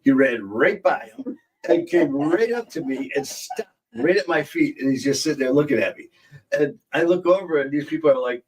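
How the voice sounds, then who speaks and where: A man's voice: on the high side, expressive, normal speed, darkish tone, distant mic. A man hosting a podcast live stream, telling rambling, anecdotal stories and laughing at his own jokes. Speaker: podcast host. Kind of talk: casual live-stream chat. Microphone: streaming setup mic.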